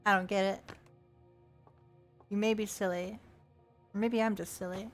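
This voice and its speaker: A woman's voice: medium pitch, steady tone, moderate pace, soft background music. A woman streamer giving playful, chatty gameplay commentary and reading in-game text aloud with joking asides.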